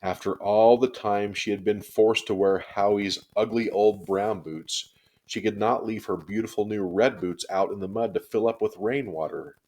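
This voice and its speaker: A man with a very deep, low voice reads a children's chapter book aloud. His storytelling is steady and expressive, paced for young listeners. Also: moderate pace.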